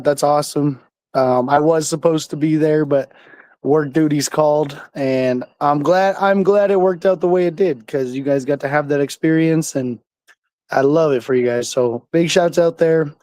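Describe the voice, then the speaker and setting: Co-host guy, slightly high voice, chill and upbeat, dry close mic. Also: steady tone, moderate pace, no room sound. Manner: easygoing, upbeat shout-outs. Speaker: podcast co-host. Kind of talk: casual sports podcast chat.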